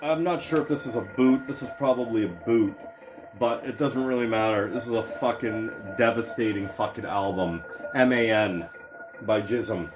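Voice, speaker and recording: A man in a casual, profane vlog monologue, excitable and emphatic, swearing constantly and firing off punchy lists. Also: on the low side, normal speed, over music. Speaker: vlogger showing his record purchases.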